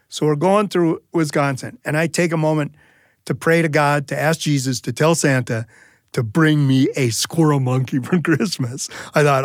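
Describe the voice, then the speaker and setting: A man tells a funny personal story, lively and animated, slipping into the voices of the people in it. His voice sits a little high, and the recording is close and dry with no room sound. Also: normal speed, no room sound. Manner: humorous, animated delivery with acted-out quotes. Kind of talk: live storytelling performance.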